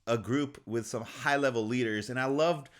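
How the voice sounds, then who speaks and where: A man giving an encouraging, motivational faith talk, upbeat and quick to laugh. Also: medium pitch. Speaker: faith speaker.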